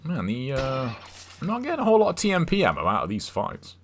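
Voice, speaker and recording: A man's voice: medium pitch, huge pitch swings, quick pace, fairly bright tone, slight background noise. A young English man streaming a game, rambling and chatting casually, swearing now and then. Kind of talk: casual chat while gaming.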